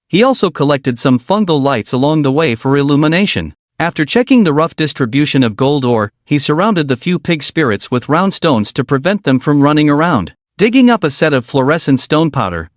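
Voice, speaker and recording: A man narrates a story recap in a steady reading voice that sits a little high. His pitch moves expressively, and the recording is dry and close. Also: no room sound.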